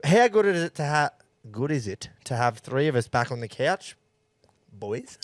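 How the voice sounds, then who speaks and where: Laid-back bloke bantering. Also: male voice, medium pitch, moderate pace, no echo. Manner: laughing, relaxed banter, sweary. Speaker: podcast co-host. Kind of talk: casual chat.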